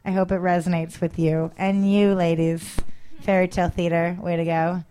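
A woman's voice: lowish voice, level tone, normal speed, mellow. A woman comedian as a guest in a casual interview, rambling and self-deprecating about her jokes.

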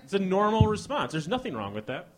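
A man's voice: high voice, big pitch swings, fast. A man hosting a podcast, interviewing a guest in jokey casual talk, often cutting in. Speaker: podcast host.

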